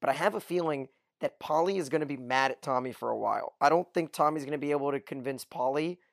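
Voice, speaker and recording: Higher-voiced man in dry podcast chat. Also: fast, vocal fry, dry recording. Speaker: podcast co-host. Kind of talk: casual TV recap chat.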